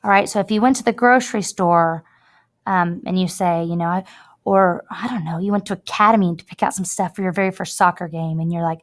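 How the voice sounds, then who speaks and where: A woman's voice: lowish voice, a little fast. A woman teacher giving a chatty, emphatic writing lesson to students while recording her screen, drawing out words as she demonstrates.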